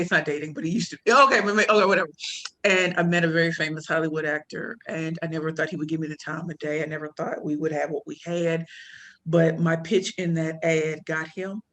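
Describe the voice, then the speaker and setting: A woman, a podcast guest telling her life story in a casual, animated and slangy way, often voicing the people she quotes. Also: sits low. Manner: animated, slangy, quoting others in voices. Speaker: podcast guest, pitch coach and speaker.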